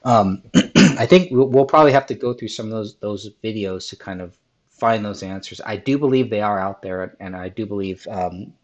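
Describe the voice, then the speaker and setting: A slightly hoarse man hosting a podcast, his voice sitting on the low side. He talks in a methodical, hesitant way, pausing often with ums as he works through his points. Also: fairly even intonation, lo-fi sound. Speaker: podcast host. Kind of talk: casual podcast discussion.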